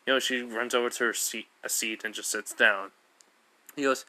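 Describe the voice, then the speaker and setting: Brief: casual male storyteller, rambling, filler-heavy, bright tone. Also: medium pitch, flat delivery, a little fast. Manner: rambling, lots of fillers and self-corrections. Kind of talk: casual fan story retelling.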